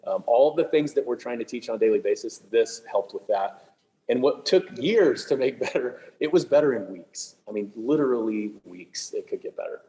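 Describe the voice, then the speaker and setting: A man leading a clinic for music teachers, talking in a quick, chatty, joking way with lots of fillers and restarts. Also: mid-range voice, expressive, warm tone, rough recording. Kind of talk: casual clinic presentation. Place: room with attendees present, also on video call.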